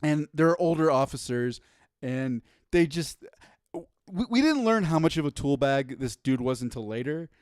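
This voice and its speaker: A man's voice: a little high, normal speed, no room sound, clean studio sound. Stammering, laughing storyteller man. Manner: animated, laughing, stammering restarts. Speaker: podcast co-host. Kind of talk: casual storytelling chat.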